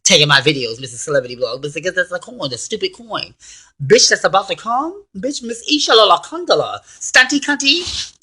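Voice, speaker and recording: Brash, profane diva woman, put on by a man, high and sharp-toned, trash-talking with attitude. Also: husky, full character voice. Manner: loud, profane, sassy trash talk. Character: brash foul-mouthed sassy diva woman. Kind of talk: self-interview persona rant.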